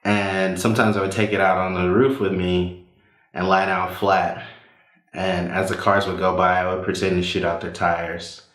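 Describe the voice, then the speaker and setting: Deep-voiced man telling a story on stage. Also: normal speed. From Southern United States. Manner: relaxed, conversational with many fillers. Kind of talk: live personal storytelling. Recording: roomy live hall.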